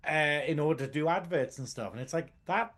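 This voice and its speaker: A man's voice: fairly high pitch, expressive, brisk, a bit bright. A man co-hosting a casual TV review podcast, rambling and swearing as he talks. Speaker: podcast co-host.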